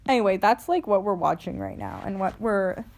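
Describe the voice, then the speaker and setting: A young adult woman co-hosting a podcast in casual chat, swearing freely and talking with lively energy. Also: mid-range voice, brisk, vocal fry, slight background noise. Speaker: podcast co-host.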